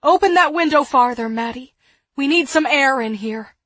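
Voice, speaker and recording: A fierce, worried woman barks sharp orders as she fights to save sick children, played by a woman reading aloud. Her voice sits high and breathy, with slow, deliberate phrasing. The sound is dry and close. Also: expressive, no echo. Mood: urgent. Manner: sharp, urgent, commanding.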